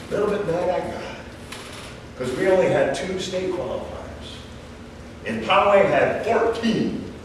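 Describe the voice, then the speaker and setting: A man from San Diego, a wrestling coach, giving a motivational faith talk full of stories and acted-out quotes in a large indoor gym. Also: high voice. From San Diego, California. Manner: animated storyteller, acts out the quotes. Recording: echoey hall from far off, faint noise.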